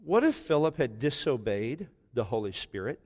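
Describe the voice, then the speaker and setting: A man's voice: mid-range voice, sing-song, normal speed, darkish tone. A man in his forties preaching a sermon as pastor, telling stories with joking asides. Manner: conversational storytelling with joking asides. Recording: long reverb of a large hall.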